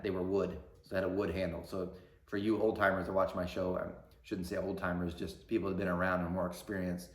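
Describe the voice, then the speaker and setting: A man's voice: fairly low pitch, a bit bright. Rambling man telling a story, roomy echo. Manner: conversational, rambling with fillers and asides. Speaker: YouTube channel host. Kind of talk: casual storytelling to camera.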